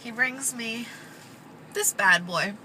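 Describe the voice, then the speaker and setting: A woman's voice: fairly high pitch, slow. A young woman with a stuffy nose, chatting casually in a daily vlog and baby-talking to her dog while she drives. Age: young adult. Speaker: vlogger. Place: in a car while driving. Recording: car noise in the background.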